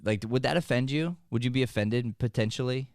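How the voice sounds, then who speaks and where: Energetic, joking male podcast host. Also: mid-range voice, fairly quick, no room sound, clean studio sound. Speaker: acting coach and podcast host. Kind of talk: motivational podcast talk.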